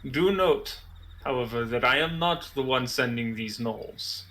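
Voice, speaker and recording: A man narrating as game master for a tabletop game, halting with fillers. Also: mid-range voice, bright, forceful tone.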